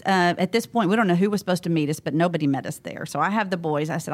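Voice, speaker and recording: Animated woman telling a story. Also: lowish voice, fast, few pauses. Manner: animated, acts out what people said. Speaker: interview guest. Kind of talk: conversational storytelling.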